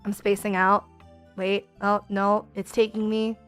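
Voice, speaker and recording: A woman's voice: mid-range voice, little pitch movement, unhurried, fairly bright tone, clean tone, faint music behind. A woman streaming a casual chat, rambling with many fillers and reading viewer messages aloud.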